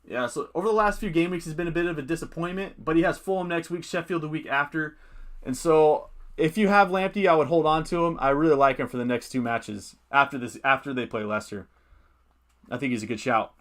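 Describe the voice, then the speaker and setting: A man's voice: on the high side, brisk, fairly bright tone. A man hosting a casual fantasy football livestream. He thinks aloud, reads out viewer comments and uses many fillers.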